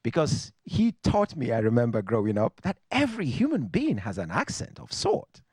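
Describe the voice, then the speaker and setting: A man from Nigeria with a Nigerian accent, telling a personal story on stage to a live audience in a reflective, wry way with dramatic pauses. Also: mid-range voice, wildly swooping pitch, a little mellow, husky, no echo.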